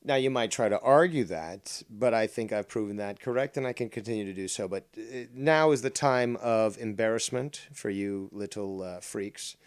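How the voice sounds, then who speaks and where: A man's voice: lowish voice, normal speed, few pauses, clean tone, no echo. A man hosting a drama commentary show, combative and profane as he mocks a rival's clip.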